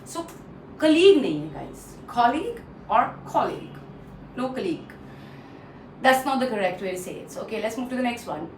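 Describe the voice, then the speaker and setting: An Indian woman with a bright, animated mid-range voice gives a casual online English pronunciation lesson in Indian English. She repeats words slowly and slips in Hindi phrases. The room is echoey, the mic distant, and there's faint noise.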